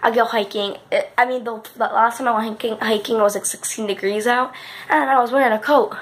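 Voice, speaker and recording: In a casual vlog, a woman chats and rambles, restarting sentences and saying "guys" constantly as she repeatedly calls out to viewers. Her fairly high voice has fairly even intonation and a slightly fast pace, with a little hiss or hum.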